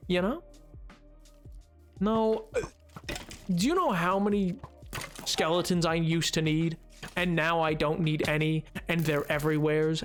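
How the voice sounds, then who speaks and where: A male streamer with a high voice chats aimlessly over his gameplay, tossing in internet slang and plenty of fillers. Faint music plays in the background. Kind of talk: live game-stream commentary.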